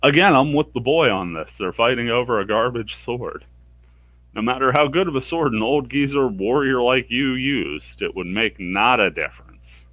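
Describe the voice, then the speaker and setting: A man's voice: animated, normal speed, dry recording, narrow, tinny audio. A man streaming a game, reading its dialogue aloud with wry, sarcastic commentary. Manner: wry and sarcastic, bursts into higher pitch for characters' lines. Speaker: let's play streamer.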